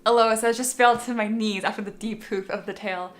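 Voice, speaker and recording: Speaking a little fast with fairly even intonation and a medium-pitched voice, a woman works on a sculpture during a live stream. She's chatty and self-deprecating, reading out the chat as she goes, in a reverberant space with soft music in the background.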